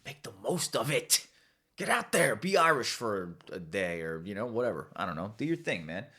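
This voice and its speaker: A man's voice: lowish voice, very animated, normal speed, pushed and bright, breathy edge. A young man hosting a podcast, reading out odd news stories and riffing on them casually, often laughing and tripping over long words. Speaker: podcast host. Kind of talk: casual comedic commentary on news.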